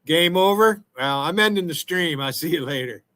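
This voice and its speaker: Bright-voiced man taunting on stream. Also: a little high, expressive, moderate pace, rough recording. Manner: profane, taunting trash talk. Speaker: livestream host. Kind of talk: casual livestream chat.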